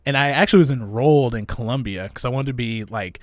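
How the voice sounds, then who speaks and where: Guesting on a podcast, a young Illinois man who manages a comedy club talks fast in a medium-pitched voice, spinning loose, profane stories. He laughs a lot and mimics other people's voices, and the studio-quality recording is dry.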